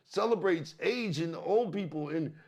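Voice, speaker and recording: Brief: high-voiced, gravelly male co-host, blunt and profane. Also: lively intonation, normal speed. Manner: blunt, rambling, swears freely. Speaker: podcast co-host. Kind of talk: casual profane chat.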